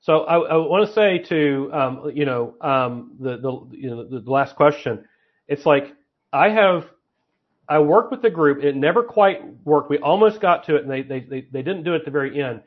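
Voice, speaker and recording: A man's voice: a little high, lively intonation, moderate pace. Man thinking aloud on muffled audio. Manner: thinks aloud with fillers and restarts while laying out plans. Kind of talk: casual podcast conversation.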